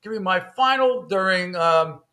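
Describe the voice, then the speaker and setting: A man's voice: sits high, expressive, measured pace, bright, forceful tone. Opinionated sports radio host, a man. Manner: opinionated, conversational, laughs often. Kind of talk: casual sports radio talk.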